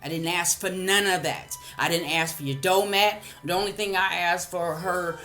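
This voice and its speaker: A woman's voice: fairly low pitch, steady tone, moderate pace, pushed and bright, soft background music. A woman with a blunt, profane manner, casually telling a heated story about a neighbor, as a vlogger.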